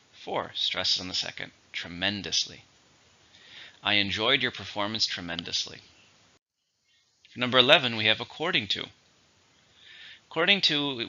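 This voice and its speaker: A man's voice: fairly low pitch, pushed and bright. A man teaching English vocabulary in a methodical way, saying each word, counting its syllables and giving an example sentence. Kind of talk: vocabulary lesson. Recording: dull lo-fi audio.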